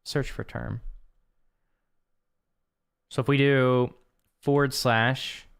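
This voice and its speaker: A man's voice: mid-range voice, flat delivery, very slow, vocal fry, a bit bright, clean tone. A young man live-streaming as he works through a coding course, reading lesson text aloud and reacting with offhand remarks. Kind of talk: casual live-stream commentary.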